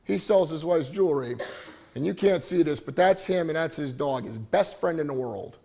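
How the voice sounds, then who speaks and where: A middle-aged man giving an animated storytelling presentation to a live audience, often checking in with "right?". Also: on the high side, normal speed, vocal fry. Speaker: motivational speaker.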